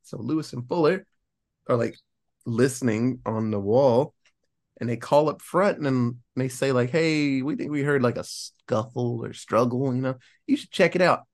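In a mid-range voice at a moderate pace, a male podcast host casually summarizes a movie. He plays the storyteller with energy, voicing the characters' dialogue himself.

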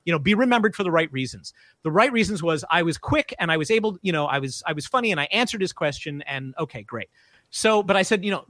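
Lively high-voiced man telling stories. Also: quick pace, dry recording. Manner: animated, laughs often, acts out quotes. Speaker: podcast guest. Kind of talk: casual storytelling.

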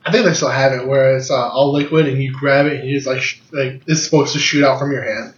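A man's voice: mid-range voice, steady tone, fast. A man in his twenties, co-hosting a casual chat, telling stories with lots of laughter and swearing. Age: 20s. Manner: laughing storyteller, swears freely. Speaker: podcast co-host. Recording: echoey room, dull lo-fi sound.

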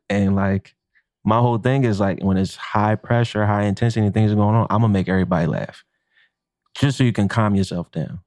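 Low-voiced man telling a kitchen story. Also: brisk, dry recording, studio quality. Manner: animated, profane, acts out quotes with laughs. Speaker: chef and podcast co-host. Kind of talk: casual podcast storytelling.

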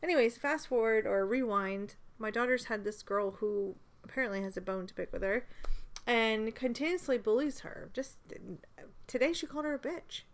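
A woman's voice: on the high side, normal speed. A middle-aged woman in casual podcast chat, talkative and laughing often. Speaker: podcast co-host.

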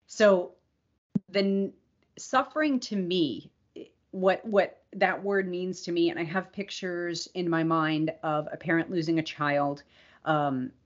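A woman co-hosting a casual podcast, speaking earnestly and reflectively. Her voice sits fairly low for a woman. The recording sounds dull and lo-fi. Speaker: podcast co-host. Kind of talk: casual conversation.

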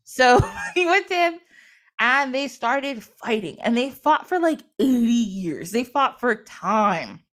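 A woman's voice: fairly high pitch, very animated, slow pace, a bit bright. A young woman hosting a podcast, casually retelling a myth in slangy modern quotes and laughing often. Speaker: podcast host. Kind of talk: casual storytelling.

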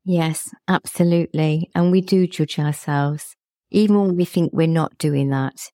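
A middle-aged woman with a low, warm voice and a gravelly edge, chatting reflectively as a guest. She laughs often while she talks. The sound is dry and close. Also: measured pace, no room sound. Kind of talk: casual conversational chat.

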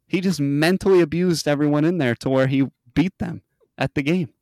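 A man's voice: on the high side, moderate pace, no room sound. A man hosting a podcast, retelling a reality show in casual chat, swearing a lot and acting out the quotes. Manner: animated storyteller, swears a lot, acts out quotes in a raised voice. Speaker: podcast host.

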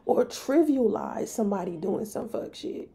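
A woman tells a story of her own on her podcast. Her voice sits a little high but stays gravelly and mellow. She speaks with animated emphasis. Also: normal speed. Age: 30s. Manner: animated, emphatic, slips into voicing others. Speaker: podcast host. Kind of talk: candid personal storytelling.

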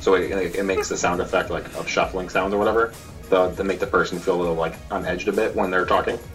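A man playing a tabletop game, describing his character's actions in a halting way with many restarts. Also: deep voice, steady tone, a bit bright, faint music behind, low-quality recording. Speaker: player.

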